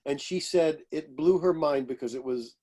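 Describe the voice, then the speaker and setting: An older man, an astrologer and author, telling lively stories in an interview and acting out the voices of people he quotes. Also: on the high side, normal speed. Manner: animated anecdotes, acting out quoted voices, laughing. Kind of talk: storytelling interview.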